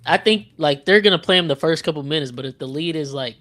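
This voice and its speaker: A man co-hosting a podcast, reacting to a live game with blunt, swearing, excitable remarks. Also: on the high side, quick pace. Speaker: podcast co-host.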